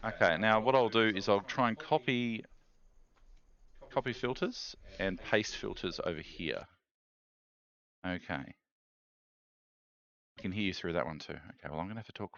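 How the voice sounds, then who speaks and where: A man's voice: on the low side, moderate pace, gravelly, pauses often, fairly bright tone, no echo. Chatty male streamer, dry lo-fi sound. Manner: thinks aloud while fiddling with gear. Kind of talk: live stream chat.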